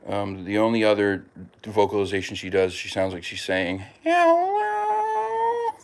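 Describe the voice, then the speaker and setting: A man's voice: low-pitched, little pitch movement, moderate pace. A man chatting casually at home as a podcast host, rambling with lots of fillers and restarts and talking fondly about his pets. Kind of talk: casual chat.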